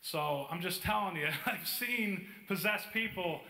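A man with a high-sitting, sharp-toned voice preaches at a measured pace in a church hall, and the recording echoes. His sermon takes the form of a casual story scattered with fillers.

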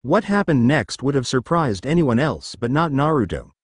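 A man narrating a fan fiction story in an expressive storytelling manner. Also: mid-range voice, moderate pace, husky, no echo, studio quality.

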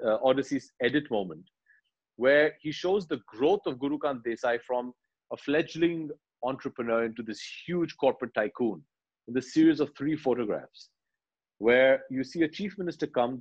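A man, animatedly retelling film scenes in an interview and quietly acting out the lines. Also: mid-range voice, slightly rough, highs cut off. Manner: animated storyteller, acts out dialogue lines quietly. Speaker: actor, interview guest.

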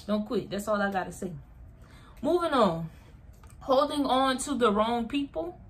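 A woman's voice: on the high side, a bit bright. A young woman vlogger giving motivational advice straight to her viewers, emphatic and repeating her points, calling them y'all. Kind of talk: motivational vlog talk to viewers.

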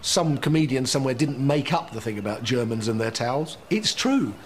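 A man's voice: mid-range voice, lively intonation, brisk, slight background noise. A man speaking in an interview with an indignant, complaining manner.

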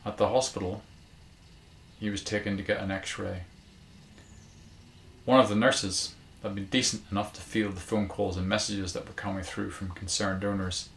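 A man reads his own short story aloud with measured, even pacing. His voice is low and gravelly with a creaky edge. The small cabin room lends a noticeable echo. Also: a little hiss or hum. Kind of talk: scripted story narration.

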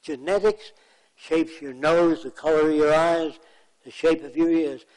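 A man's voice: fairly high pitch, fairly even intonation, measured pace, a little mellow, low-quality recording. A man giving a lecture, telling plain anecdotes and acting out the people in them. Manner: anecdotal, plainspoken, acts out quotes. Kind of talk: storytelling lecture.

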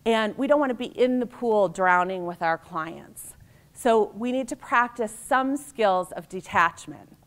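A woman's voice: mid-range voice, animated, measured pace, fairly bright tone. A middle-aged American woman giving a conference keynote, telling personal stories in a conversational way and acting out the voices in them. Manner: anecdotal, conversational, acts out quoted voices. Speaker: keynote speaker.

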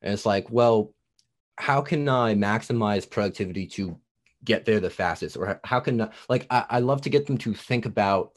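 A man's voice: on the low side, normal speed. A man in his twenties from New Jersey, with a Jersey accent tinged Southern, rambling through a casual podcast interview with lots of fillers. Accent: New Jersey, with some Southern US. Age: 20s. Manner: rambling, lots of "like" and "you know". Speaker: guest producer and TikTok creator.

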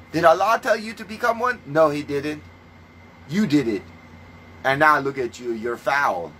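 A man preaching in a ranting monologue, scornful and full of swearing, moving between calm teaching and loud outbursts. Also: a little high, slight background noise, rough recording. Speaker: self-styled religious preacher.

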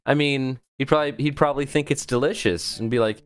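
A man's voice: mid-range voice, quick pace, smooth, dry recording, faint music behind. A man, a voice actor, chatting casually on a livestream in a playful, rambling way with lots of fillers. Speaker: voice actor streaming.

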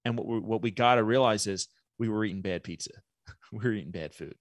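This podcast guest, a business owner, talks fast in a fairly low voice, recorded dry. He explains his ideas thoughtfully with everyday analogies during a reflective conversational interview.

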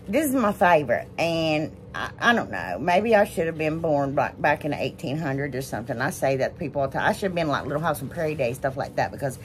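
With a deep voice and slight background noise behind her, this American woman runs a DIY crafts channel. She rambles in a casual vlog style, gushes over the items she shows, and says "y'all" a lot.

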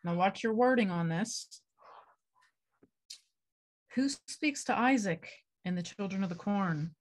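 A woman's voice: medium pitch, unhurried. A woman hosting a podcast and reading out horror trivia questions, chatting casually, laughing easily and swearing now and then. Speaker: trivia quizmaster and podcast host.

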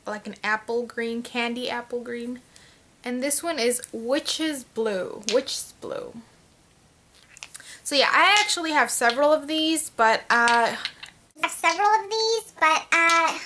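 A woman's voice: high-pitched, moderate pace, pushed and bright, slight background noise. A young woman chatting at home as a beauty vlogger, showing off her products in a rambling way full of fillers. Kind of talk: casual chat, showing products.

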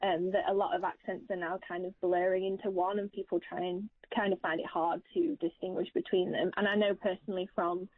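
A woman's voice: lowish voice, steady tone, fairly quick, hardly any pauses, no room sound. Young female guest over the phone, casual and a bit hesitant, dry tinny line. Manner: casual, with fillers and hedging. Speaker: interview guest. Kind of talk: casual on-air chat.

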